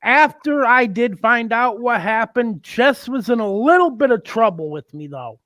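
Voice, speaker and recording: A co-host on a casual livestream chat, telling a story in a slow, measured way. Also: mid-range voice, lively intonation, fairly bright tone, no echo.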